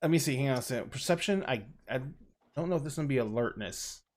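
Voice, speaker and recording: A man running a tabletop role-playing game, relaxed and hesitant as he works out the rules aloud. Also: mid-range voice, fast. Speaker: storyteller.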